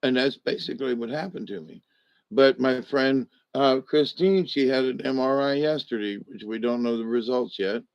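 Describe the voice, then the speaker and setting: An older man chatting casually to his viewers, drowsy and a little medicated after a hospital stay, meandering and halting with many restarts. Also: mid-range voice, no echo. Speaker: vlogger talking to live chat. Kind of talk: rambling casual chat to viewers. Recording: dry, dull lo-fi home recording.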